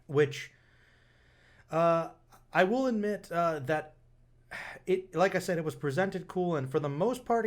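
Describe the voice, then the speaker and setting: A young man giving a casual, rambling film review, full of fillers and restarts. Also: a little high.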